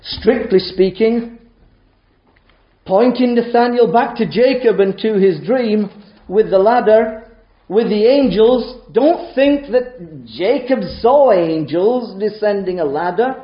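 A man preaching a sermon, emphatic and full of rhetorical questions, with sharp rises and drops in loudness. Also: high voice, animated, slow pace. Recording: roomy, dull church sound.

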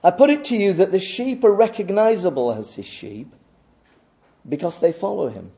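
High-voiced preacher with a dark tone. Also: male voice, expressive, moderate pace, creaky. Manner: rhetorical questions, emphatic repetition. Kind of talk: sermon.

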